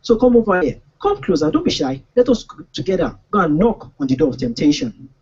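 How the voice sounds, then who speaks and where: A man's voice: a little high, big pitch swings, a little fast, a little mellow, lo-fi sound, slight background noise. A man with a Nigerian accent performing comic spoken word poetry in a rhythmic, rhyming style, recorded live on a poetry stage. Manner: rhythmic, rhyming delivery with mock-dramatic outbursts.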